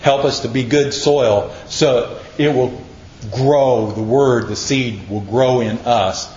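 A man's voice: medium pitch, steady tone, slow pace, a little mellow, roomy sound, highs cut off. An older man preaching a sermon in an emphatic, conversational way, acting out little asides and ending in prayer. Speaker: pastor.

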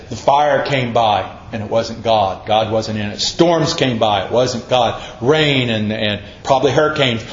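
A man of middle pitch gives a plain-spoken, folksy sermon, acting out the quotes he tells. The recording is muffled and echoes around the church room, with a faint hiss behind him. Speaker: preacher.

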